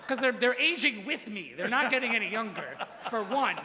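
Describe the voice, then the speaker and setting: A young man doing a crude, self-deprecating roast set on a stage mic, his punchlines jumping up into shouts. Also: high voice, sing-song, normal speed, background noise. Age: young adult. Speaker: roast speaker. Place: large hall with audience. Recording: live hall recording with reverb.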